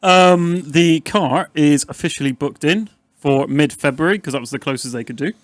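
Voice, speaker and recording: A man's voice: a little high, normal speed, dry recording, clean studio sound. A man chatting on a podcast, giving plain, matter-of-fact updates. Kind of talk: casual chat.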